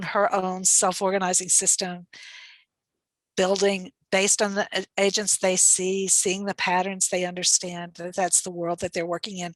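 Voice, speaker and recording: A woman's voice: medium pitch, dry recording, rough recording. A woman consultant answering a question in an online session, speaking reflectively and thoughtfully with light laughter.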